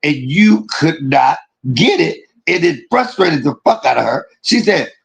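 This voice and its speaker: A man's voice: on the high side, very animated, unhurried, creaky, low-quality recording. A man from Detroit hosting a livestream, ranting in a casual, profane way and laughing often. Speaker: livestream host.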